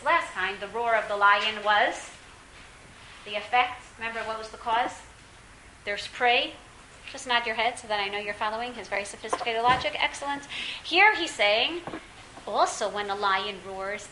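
A woman teaching a classroom Bible lesson, lively and questioning, often quizzing her students. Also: high voice, roomy sound, slight background noise, rough recording.

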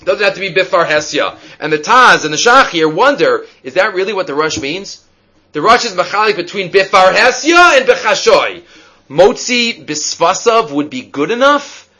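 A man teaching a Talmud lesson in an animated, questioning way, mixing Hebrew and Aramaic terms into English. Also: sits high, moderate pace. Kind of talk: Talmud lecture.

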